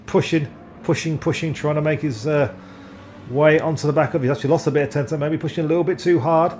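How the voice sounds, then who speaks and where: A man giving live, rambling commentary on an online sim race, excitable and often stumbling over driver names. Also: fairly high pitch, quick pace, slight background noise.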